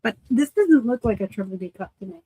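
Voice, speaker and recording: A woman from Arizona hosting a casual live unboxing of thrift finds, chatty and quick to laugh at herself. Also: on the high side, lively intonation, dark tone, husky, no echo. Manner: chatty, laughs easily, self-deprecating asides. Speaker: reseller host.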